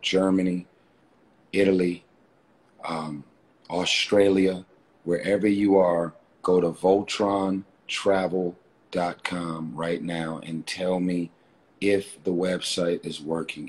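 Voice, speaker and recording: A man's voice: deep voice, slight background noise. A man hosting a casual phone livestream from a hotel room, talking fervently and repetitively straight to his viewers. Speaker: livestream host.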